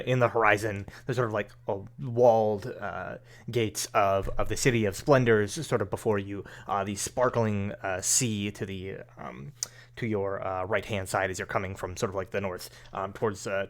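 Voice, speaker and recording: A man's voice: lowish voice, fairly even intonation, normal speed. A man narrating as game master of a tabletop game, hesitant and full of fillers as he talks.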